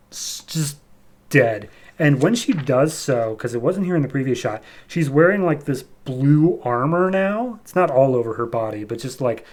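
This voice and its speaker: A man in the host chair talks through a comic issue in a relaxed, rambling way, full of "like" and "um". He bumps his voice up to act out the characters' lines. His speaking voice sits at an ordinary middle pitch. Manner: chatty, loose with lots of "like" and "um", voices quoted characters with raised pitch. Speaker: podcast host. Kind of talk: casual comic-book recap.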